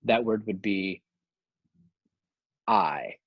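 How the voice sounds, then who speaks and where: A man hosting a livestream Q&A, answering questions with deadpan absurd humor. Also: fairly low pitch, very slow, dry recording, muffled recording. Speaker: host. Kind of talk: livestream Q&A chat.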